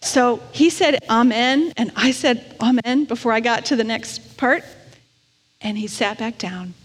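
A woman chaplain telling a personal story in a gentle storytelling sermon. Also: fairly high pitch, lively intonation, a little slow, slightly rough. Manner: gentle storytelling, briefly emotional. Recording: long reverb of a large hall.

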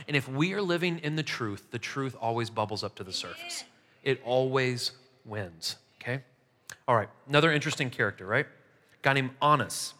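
A man delivers a sermon in a conversational, animated style, often tossing asides to his listeners. His voice is bright and slightly high, and his pitch swings widely as he preaches. The sound carries the long reverb of a large hall. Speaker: pastor.

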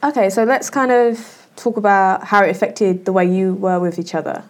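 Woman hosting a chill podcast, teasing, jokey, mid-pitched voice. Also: fairly even intonation. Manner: playful, teasing, quick reactions. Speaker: host. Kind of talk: casual podcast interview.

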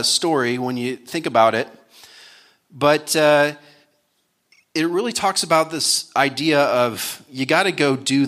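Male conference speaker, humorous storytelling sermon, bright forceful tone, middle pitch. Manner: jokey, casual with many fillers.

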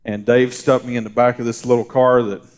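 Folksy pastor preaching casually. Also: male voice, mid-range voice, flat delivery, brisk. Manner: folksy storytelling with frequent fillers and restarts; drops to a soft, hushed voice for reassurance. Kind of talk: conversational sermon.

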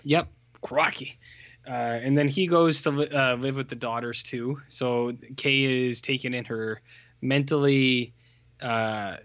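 A man's voice: mid-range voice, fairly even intonation, unhurried, fairly bright tone, no echo. Rambling man recapping a film, dry dull sound. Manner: rambling, filler-heavy, blunt and profane. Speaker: podcast co-host. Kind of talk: casual film recap chat.

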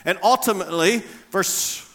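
A middle-aged man delivers a Sunday sermon, relaxed and conversational, with a fairly high voice. His tone is bright and forceful. He acts out quotes with lively jumps in pitch. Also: normal speed. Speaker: pastor.

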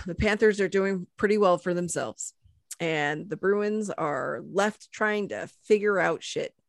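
A woman's voice: lowish voice, dry recording, studio quality. A woman hosting a casual sports podcast, rambling and self-deprecating with lots of fillers. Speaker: podcast host.

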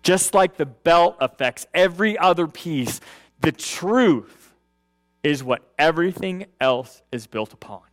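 A man's voice: fairly high pitch, animated, unhurried. A man giving a conversational sermon as pastor, often checking in with the listeners and restarting his phrases. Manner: casual, checks in with "okay" and "right"; frequent restarts and repeated words.

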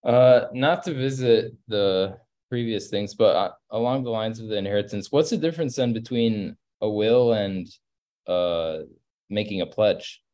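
A man's voice: lowish voice, unhurried, mellow. A man who is a student asking the teacher a question, hesitant and full of fillers.

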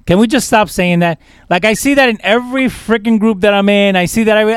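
Ranting high-voiced man, dry sound. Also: quick pace, smooth, dry recording. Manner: ranting, emphatic, repeats words. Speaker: podcast co-host. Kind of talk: casual chat.

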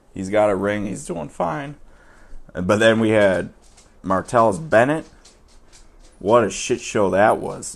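Gravelly-voiced man ranting about football. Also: fairly low pitch. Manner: profane, rambling, joking fan rant. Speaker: guest podcast host. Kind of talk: casual sports podcast monologue.

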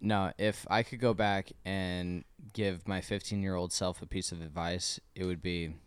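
A man's voice: low-pitched, fairly even intonation, unhurried, clean tone, no room sound. A man in his twenties, a podcast co-host, talking in a laid-back, dry way. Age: 20s. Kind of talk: casual chat.

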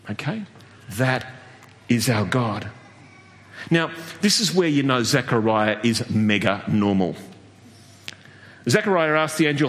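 A man preaching a sermon, animated, jumping to high exclamations and laughing at his own jokes. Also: moderate pace, long reverb tail. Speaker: pastor.

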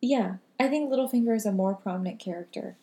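A woman co-hosting a casual chat, thoughtful and measured, with the odd filler. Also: mid-range voice, mellow. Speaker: podcast co-host.

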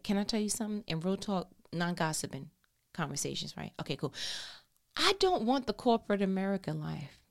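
This is a woman delivering a casual vlog monologue in a lively, expressive voice. She talks in a colloquial, conversational way. Now and then she drops into quiet, whispered asides. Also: low-pitched. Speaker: vlogger.

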